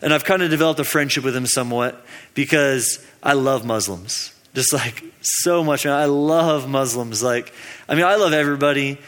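A man's voice: medium pitch, moderate pace, fairly bright tone, in a large hall. A young man giving a casual, storytelling sermon at a midweek teaching, rambling and chatty, with plenty of fillers and laughs at his own jokes.

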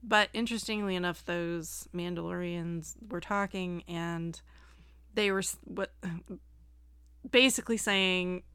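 A middle-aged woman co-hosts a podcast in a chatty, animated way and is quick to joke. Her voice is bright and crisp, and it is recorded dry and close. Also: on the low side, no echo. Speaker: podcast co-host. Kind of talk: casual chat.

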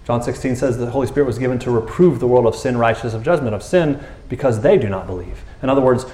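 Brief: male pastor, mid-pitched, casual jokey sermon delivery, acts out the dialogue, roomy church sound. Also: fast. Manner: animated, jokey storytelling with acted-out dialogue.

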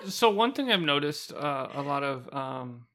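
A woman's voice: low-pitched, sing-song, measured pace, a bit bright. A woman co-hosting a casual podcast, often laughing and jumping in. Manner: laughing, interjecting. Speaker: podcast co-host.

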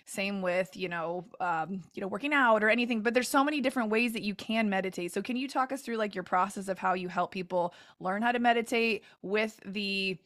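A woman's voice: medium pitch, brisk, few pauses, a bit bright, no room sound. Enthusiastic woman host, dry sound. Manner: enthusiastic, lots of fillers. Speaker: podcast host. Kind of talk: casual interview chat.

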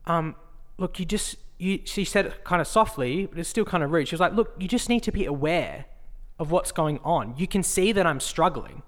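A man's voice: on the high side, lively intonation, a little fast. A man co-hosting a casual chat podcast, telling a story animatedly and acting out both sides of an argument. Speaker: podcast co-host.

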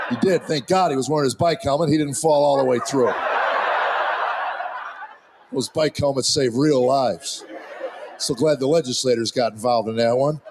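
A man's voice: medium pitch, normal speed, pauses often. A man doing a stand-up comedy routine, telling family stories and acting out their voices. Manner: storytelling, acts out family voices. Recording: clip played with audible background noise.

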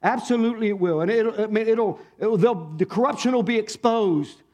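Male pastor, fairly high voice, animated conversational sermon, keeps questioning the congregation. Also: fairly quick. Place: church, speaking to a congregation.

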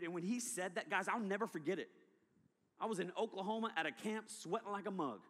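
A man preaching a testimony sermon, telling his story with animated delivery. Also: high voice, fairly quick. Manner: animated storytelling, acting out past self. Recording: long hall reverb.

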